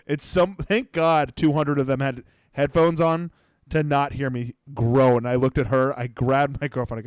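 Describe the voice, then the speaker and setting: A man's voice: mid-range voice, expressive, moderate pace, a little mellow, clean tone, no echo. A young adult man hosting a comedy podcast, ranting sarcastically with lots of swearing and mocking impressions. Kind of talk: comedic rant.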